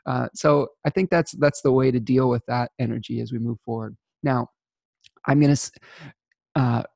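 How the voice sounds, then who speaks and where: A man's voice: medium pitch, gravelly, warm tone, no room sound. A man giving a weekly astrology forecast in a casual, rambling way, with frequent restarts, fillers and small laughs.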